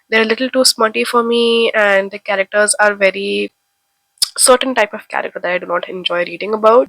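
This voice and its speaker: A young woman from India, stuffy with a head cold, gushes to her viewers about the books she can't wait to read. Her chatty voice sits at an ordinary pitch, and it sounds dry and close to the mic. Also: a bit bright, no echo, poor audio. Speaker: book vlogger. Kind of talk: casual chat to camera.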